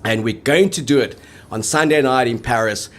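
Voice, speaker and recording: A man co-hosting a rugby show, chatting in lively, jokey banter. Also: medium pitch, moderate pace. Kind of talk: casual sports chat.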